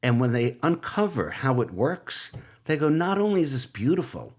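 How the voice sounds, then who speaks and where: An older man, a guest writer and producer, telling animated stories in a relaxed interview, quoting people and laughing between lines. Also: medium pitch, normal speed. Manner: animated anecdotes with laughs and quoted asides. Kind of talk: relaxed storytelling in conversation.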